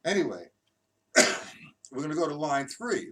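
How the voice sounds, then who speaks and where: A man's voice: a little high, big pitch swings, a little slow, long pauses. Man counting drum beats, distant mic. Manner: counts beats aloud, loose and chatty. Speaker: drum instructor. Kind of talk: live-streamed drum lesson. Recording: distant mic, loud background noise.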